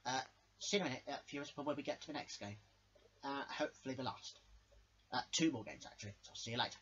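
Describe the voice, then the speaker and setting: A man's voice: medium pitch, fast, a bit bright, dull audio, slight background noise. A man hosting and directing a homemade toy show, casual and hesitant with fillers.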